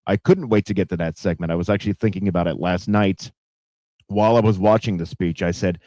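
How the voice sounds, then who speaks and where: A man's voice: sits low, steady tone, fairly quick, warm tone, no echo. A man hosting a casual news commentary show, rambling and profane, with heavy fillers. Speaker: podcast host.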